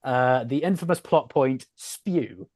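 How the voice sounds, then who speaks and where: A man patiently walks through a story recap in a casual podcast chat. His voice sits in a middle pitch and sounds dry and close, with no room around it. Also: slow, darkish tone, dry recording. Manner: explanatory, patient. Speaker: podcast co-host.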